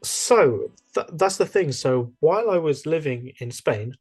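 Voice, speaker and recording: A young man talks as a podcast guest in a relaxed, rambling way, full of fillers and self-corrections. He tells his stories with enthusiasm, and his pitch jumps up often. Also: unhurried, husky, soft background music. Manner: chatty, animated storytelling with many fillers and restarts. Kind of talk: casual interview chat.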